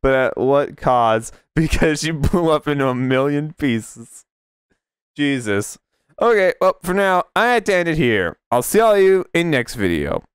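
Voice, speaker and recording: A man commentating a gameplay video, panicking and swearing, his voice jumping into high squeals. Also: very animated, measured pace, clean tone, dry recording, studio quality. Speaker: gaming video creator. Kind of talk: let's play commentary.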